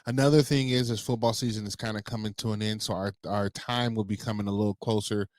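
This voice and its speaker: A man co-hosting a casual parenting podcast, relaxed, laughing easily and chiming in with quick agreements. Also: fairly low pitch, no echo, clean studio sound. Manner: laid-back, laughs easily, drops short agreements. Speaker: podcast co-host. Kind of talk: casual chat.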